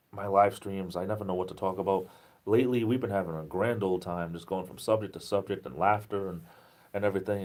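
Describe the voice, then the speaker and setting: Chatty forties man, southeastern New England accent, low voice, casual live stream host. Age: 40s. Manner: rambling, reads viewer chat aloud and answers it; speeds up when excited.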